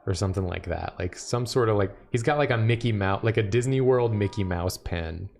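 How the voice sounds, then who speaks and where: A man's voice: lowish voice, fairly quick, creaky, darkish tone. A man co-hosting a drawing lesson, brainstorming ideas and joking around in casual chat. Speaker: co-host.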